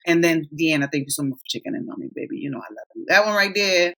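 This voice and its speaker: A woman in her thirties co-hosts a casual podcast chat, talking fast and animatedly in a low, slightly bright voice. She's candid and swears freely, telling stories and acting out her friends' lines in quoted voices.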